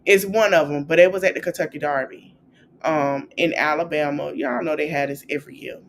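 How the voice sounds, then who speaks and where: A woman hosting a podcast, recapping celebrity gossip in a chatty, animated way and acting out quotes in a high, playful voice. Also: brisk, vocal fry, slight background noise. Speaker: podcast host.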